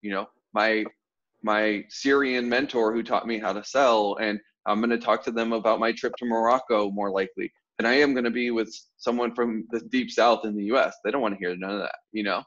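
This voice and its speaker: A lower-pitched man from the southern United States talks casually through a group coaching call, explaining ideas with everyday examples. The audio is dull and lo-fi, like a video call. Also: fairly even intonation, a little fast, fairly bright tone. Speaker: sales coach.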